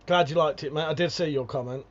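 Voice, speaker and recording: A man's voice: fairly high pitch, fast, dull audio. A British man hosting a casual livestream, reading viewer comments aloud and ranting with lots of swearing and laughter. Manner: profane, ranting, laughs often.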